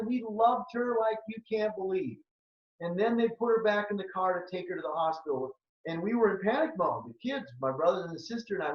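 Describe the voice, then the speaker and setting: Earnest doctor in a muffled echoey room. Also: male voice, sits high, recorded from a distance. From Minnesota, United States. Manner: earnest, emotional, repeats phrases for emphasis. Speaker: functional medicine doctor presenting a webinar. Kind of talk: webinar presentation, personal story and pitch.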